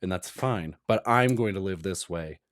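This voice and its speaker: A man's voice: deep voice, normal speed. A young adult man giving an emphatic, rambling, opinionated commentary. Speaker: commentary vlogger.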